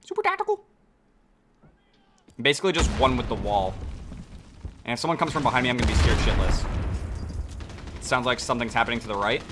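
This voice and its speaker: A young man streaming a shooter game live, chatting to viewers and swearing and shouting as the action heats up. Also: medium pitch, fast talker, long pauses, noisy background. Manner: excitable, swearing, reacting loudly to the game. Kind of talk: live gameplay commentary. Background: gunfire from the game.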